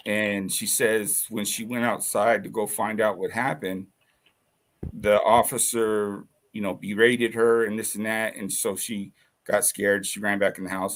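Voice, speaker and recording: A man with a gravelly, creaky voice tells a personal story in loose, casual talk. He rambles, swears freely, and fills the gaps with fillers and restarts. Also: fairly low pitch. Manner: rambling, profane, full of fillers.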